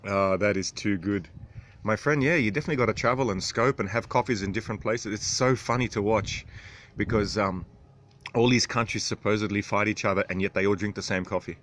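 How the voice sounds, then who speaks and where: A man in his thirties hosting a casual livestream, reading out viewer comments with frequent chuckles and throat clearing. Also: lowish voice, fairly quick, a bit bright, a little hiss or hum. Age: 30s. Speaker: livestream host.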